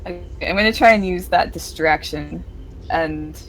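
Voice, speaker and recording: A woman's voice: on the low side, fairly bright tone, slight background noise, rough recording. A woman playing a tabletop game, speaking in a hesitant way. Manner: slow, hesitant. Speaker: player. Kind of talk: casual tabletop play.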